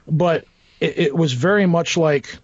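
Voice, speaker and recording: A man's voice: fairly high pitch, a little slow, dry recording. A middle-aged man telling a personal story in a rambling, casual way, acting out the voices of people he quotes. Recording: dull dry lo-fi recording.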